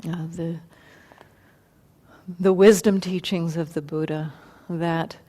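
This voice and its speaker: A woman meditation teacher giving a dharma talk, unhurried and thoughtful, often pausing and restarting her sentences. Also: lowish voice, steady tone, dark tone. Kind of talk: dharma talk retelling a story.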